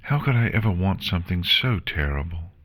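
A man's voice: sits low, expressive, a little fast, a bit bright. A man voicing a formal, remorseful pony princess of the night in a fan fiction reading, speaking in an earnest, emotional way.

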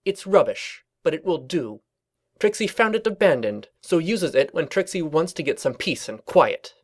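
A man's voice: a little high, very animated, normal speed, voice pushed up. Storybook unicorn pony mare, arrogant and rude, snaps insults in the third person, as a male reader puts her on. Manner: speaks of herself in the third person, snappish.

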